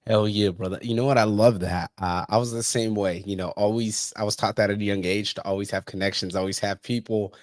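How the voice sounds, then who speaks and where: A man's voice: fairly low pitch, steady tone, brisk, few pauses, no echo, studio quality. A man in his thirties hosting a podcast, talking in hyped, profane bro slang. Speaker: podcast host. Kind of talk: casual interview chat.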